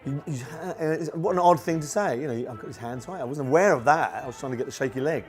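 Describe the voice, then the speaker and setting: A man's voice: on the high side, fast talker, soft background music. A man in his forties, a tribute performer, chatting in a documentary interview with lots of fillers and restarts. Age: 40s.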